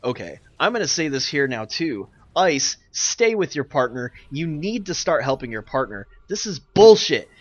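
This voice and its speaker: A young man casting a live online strategy game, ranting and exasperated, swinging between loud outbursts and muttered asides. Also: mid-range voice, sing-song, normal speed, few pauses, no room sound, muffled recording. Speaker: game caster and streamer.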